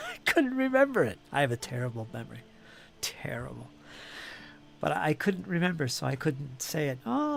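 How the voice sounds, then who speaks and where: A middle-aged man hosting a live stream, with a fairly high, gravelly voice that swings widely in pitch. He jokes and laughs often, and soft music plays behind him. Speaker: stream host. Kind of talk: casual live-stream chat.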